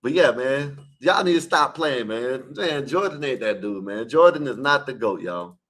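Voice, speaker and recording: In a mid-range voice with lively intonation and a fairly bright tone, a caller on an online open panel argues a heated sports debate at a moderate pace. He's casual but emphatic, repeating his points and scolding the listeners.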